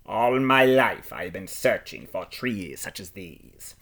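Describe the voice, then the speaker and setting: A man performing a rhyming storybook aloud in the first person, playful and expressive. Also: on the low side, measured pace, hardly any pauses.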